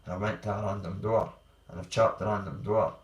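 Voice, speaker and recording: A man's voice: on the low side, steady tone, brisk. A Scottish man telling his own hard stories in a blunt, rambling way, swearing freely. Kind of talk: candid personal storytelling. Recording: roomy sound, distant from mic.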